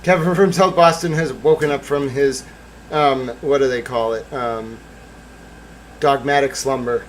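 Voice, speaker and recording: A man hosting a solo livestream, talking in theatrical bursts that swing from quiet asides to loud outcries and laughter. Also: medium pitch, steady tone, a little slow, a little hiss or hum, rough recording. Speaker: livestream host.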